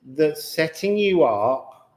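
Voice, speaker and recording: Slow, musing man in an echoey room. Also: fairly high pitch, very animated, darkish tone. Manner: slow, musing and drawn-out, with chatty asides. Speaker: tarot and astrology reader. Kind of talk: unscripted card reading to viewers.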